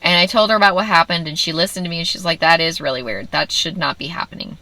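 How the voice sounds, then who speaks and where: A woman's voice: fairly low pitch, quick pace, bright, forceful tone, no echo. A woman telling a candid personal story in a wry way, acting out what others said. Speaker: vlogger.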